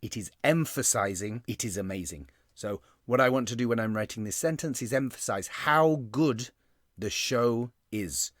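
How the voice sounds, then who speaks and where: A male English teacher giving a recorded grammar lesson, explaining step by step and slowing down on key terms. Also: fairly low pitch, no echo, studio quality.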